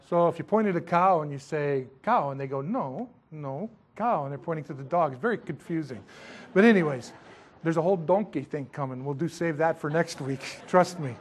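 A middle-aged man preaching in a rambling, chatty way, with self-mocking asides. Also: on the high side. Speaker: pastor. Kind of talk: sermon with missionary stories.

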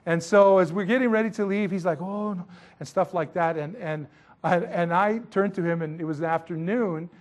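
A man's voice: high voice, normal speed. A middle-aged man preaching in a rambling, chatty way, with self-mocking asides. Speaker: pastor. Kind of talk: sermon with missionary stories.

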